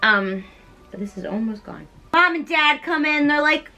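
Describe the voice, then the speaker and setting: Bright-voiced tipsy woman, sarcastic chatter. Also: high-pitched, lively intonation, normal speed, soft background music, low-quality recording. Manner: chatty, sarcastic, jumps into silly character voices. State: tipsy from drinking. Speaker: comedy vlogger. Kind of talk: tipsy comedic retelling.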